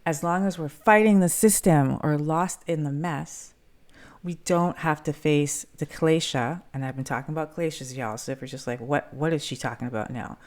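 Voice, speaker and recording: A middle-aged woman hosts a reflective podcast on her own, with a low voice. She talks in a loose, conversational way and now and then mimics frantic callers in quick, breathless bursts. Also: darkish tone. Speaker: podcast host. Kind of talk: reflective solo podcast monologue.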